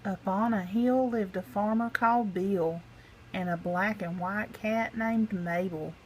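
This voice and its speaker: A woman narrating a rhyming picture book in a slow, rhythmic, sing-song way. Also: medium pitch, fairly even intonation, darkish tone, a little hiss or hum, rough recording. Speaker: storybook reader.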